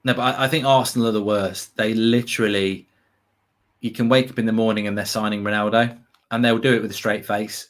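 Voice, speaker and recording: An English man co-hosting a live football watchalong, chatting casually with animated, sweary banter and loud outbursts. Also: fairly low pitch, fairly quick. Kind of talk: casual live match chat.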